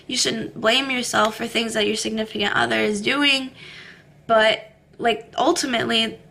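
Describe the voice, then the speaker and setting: A woman's voice: on the high side, gravelly, sharp tone, slight background noise. A young woman talking candidly to her camera in a casual vlog, swearing freely and filling her talk with "like" and "you know". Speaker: vlogger. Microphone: camera mic.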